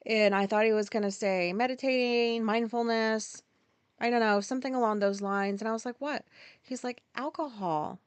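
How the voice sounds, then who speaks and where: A woman's voice: fairly high pitch, steady tone, brisk, clear, resonant tone, no echo. Rambling, dry-miked woman host. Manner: rambling, filler-heavy, self-interrupting. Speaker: podcast host. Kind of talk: casual storytelling monologue.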